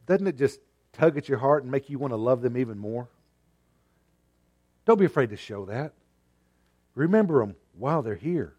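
A man preaching a sermon with an emphatic delivery and a mid-range pitch. He presses his points with strings of rhetorical questions, and he drops to a hush before building back up. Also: muffled recording. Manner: swings between loud and quiet.

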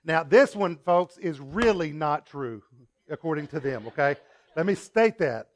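A male pastor delivering a sermon as a string of everyday stories, turning often to the congregation with asides. He swings between punchy emphasis and quiet remarks, in a voice that sits fairly high for a man. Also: lively intonation, measured pace. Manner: conversational storytelling with asides to the congregation.

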